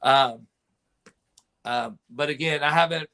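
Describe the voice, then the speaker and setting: A man talking as a guest in a casual chat, excited and rambling. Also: on the high side, takes it slowly, gravelly. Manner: excited, rambling fan talk. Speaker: podcast guest.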